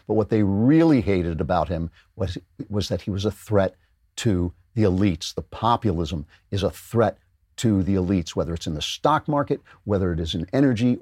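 A man's voice: lowish voice, darkish tone, no room sound, studio quality. A man hosting a political commentary show, talking in a sardonic, emphatic way. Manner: sardonic, emphatic, reads ad copy with jokey flair. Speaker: host.

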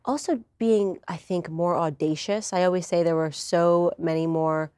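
American woman guest in an interview, low-ish voice, earnest and sure of herself, no room sound. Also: fairly even intonation, normal speed, dark tone, smooth, no echo, studio quality. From United States. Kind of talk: conversational interview.

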